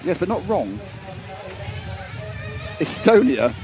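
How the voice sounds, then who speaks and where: A man's voice: on the high side, lively intonation, a little fast, over music. A British man co-hosting a racing live stream, chatty and self-mocking, often laughing. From United Kingdom. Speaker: race stream co-commentator. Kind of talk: casual live-stream chat.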